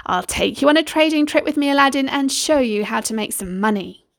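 A woman's voice: high voice, animated, fairly quick, vocal fry, dry recording, voice pushed up. A woman voicing a snarling wicked sorcerer. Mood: falsely friendly. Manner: snarling, hissing threats. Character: scheming middle-aged male sorcerer, menacing.

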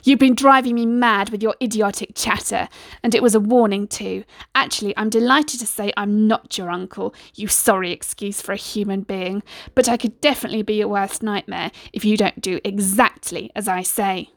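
A menacing, scheming sorcerer who hisses and snarls his commands, put on by a woman reading a storybook. The voice has a gravelly edge and sits in a dry, close space. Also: medium pitch, moderate pace, dry recording, close to an everyday voice. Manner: snarling, hissing threats. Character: scheming middle-aged male sorcerer, menacing.

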